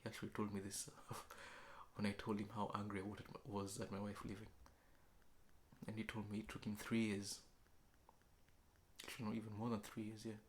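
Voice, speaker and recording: A man from Kenya, talking slowly and reflectively in a late-night confessional monologue at home, often dropping into a whisper. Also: fairly low pitch, monotone, slight background noise. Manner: slow, reflective, often sinking to a hushed whisper. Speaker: vlogger. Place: apartment indoors.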